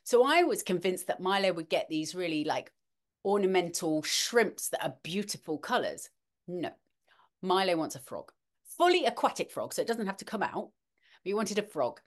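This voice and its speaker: A middle-aged woman, co-hosting a casual weather chat, animated and talkative, with frequent ums and restarts. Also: fairly low pitch, normal speed. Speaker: podcast co-host, weather presenter.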